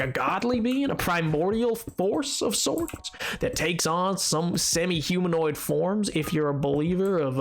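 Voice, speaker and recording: A man with a fairly high voice rambles through a live game stream, chatting with his viewers. He talks playfully and trips over his own restarts, and faint music plays underneath. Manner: rambling and playful, stumbling over restarts while reading chat. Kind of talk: casual live-stream chat while gaming.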